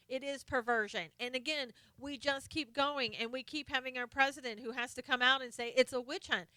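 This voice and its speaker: Woman, live-stream host, impassioned commentary, slightly high pitch, dry sound. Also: steady tone, moderate pace, few pauses, bright, forceful tone, smooth, no echo. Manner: impassioned, greets viewers by name.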